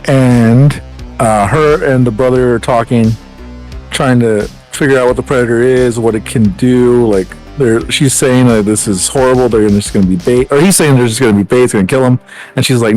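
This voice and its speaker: A man with an ordinary mid-pitched voice, speaking in casual podcast chat. He recaps a movie plot in a relaxed, joking manner, with frequent fillers. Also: moderate pace, soft background music, low-quality recording. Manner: laid-back, joking, summarizes plot. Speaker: podcast co-host.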